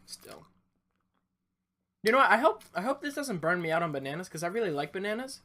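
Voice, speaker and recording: A man's voice: sits high, sing-song, fairly quick, sharp tone. Dry, teasing man co-host. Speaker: podcast co-host, teacher. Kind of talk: casual chat while eating.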